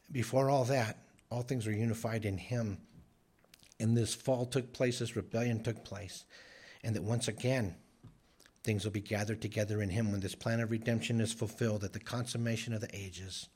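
A man's voice: on the low side, fairly even intonation, normal speed, darkish tone, breathy edge. A man preaching a sermon in an earnest, emphatic way, often repeating phrases for stress. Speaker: pastor.

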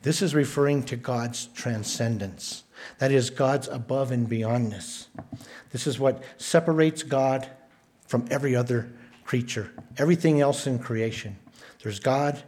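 A man preaching a sermon, stressing points by repeating words, with a measured, emphatic delivery. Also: mid-range voice, darkish tone. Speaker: pastor.

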